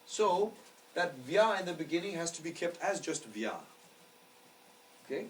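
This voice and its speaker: A man's voice: a little high, sing-song, a little slow. Man teaching, patient and explanatory. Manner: patient, explanatory, often checks understanding. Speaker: astrology teacher. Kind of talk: classroom lecture. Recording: distant mic with faint background noise.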